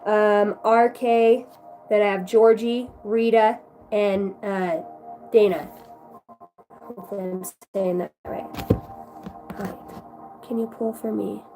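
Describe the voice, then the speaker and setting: A woman's voice: medium pitch, flat delivery, slow, mellow, faint music behind. A woman giving a casual livestream card reading, chatty and effusive, swearing freely as she talks to her viewers. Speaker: tarot reader.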